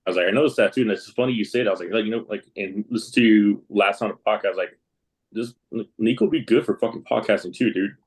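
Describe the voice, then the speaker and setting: Cussing podcast host, low voice. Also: male voice, steady tone, fast talker, slightly rough, rough recording. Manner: loose, swears freely, friendly teasing. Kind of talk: casual podcast chat.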